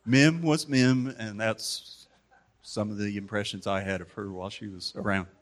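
A man giving a memorial tribute to a gathering, telling stories about the one remembered with pauses and restarts. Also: fairly low pitch, steady tone. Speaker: community member giving a tribute.

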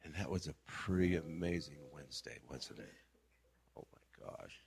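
A man sharing a personal prayer experience in a casual testimony, telling it in an animated way with acted-out quotes. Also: very deep voice, moderate pace, creaky. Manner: animated storytelling, acts out quoted exchanges, trails off softly.

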